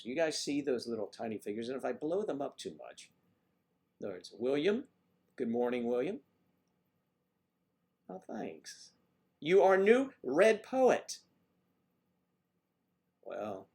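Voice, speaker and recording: A man's voice: mid-range voice, a little mellow. Playful man hosting a livestream. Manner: playful, rambling, greets viewers by name. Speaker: livestream host. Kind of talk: casual livestream chat.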